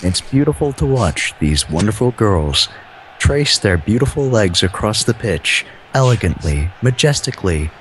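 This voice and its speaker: A man doing playful amateur football commentary in a smooth, mock-suave radio-announcer manner. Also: on the low side, very animated, normal speed, a little hiss or hum.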